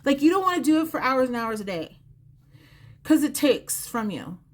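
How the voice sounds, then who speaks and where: Sing-song and high, her voice runs at a normal speed. She's doing a psychic reading on a live stream, chatting repetitively to the viewer, recorded on a phone or close mic.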